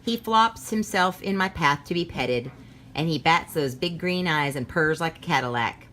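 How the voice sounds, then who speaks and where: A woman reading as a weary homeless male war veteran, talking quietly and haltingly. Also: low-pitched, expressive, slight background noise.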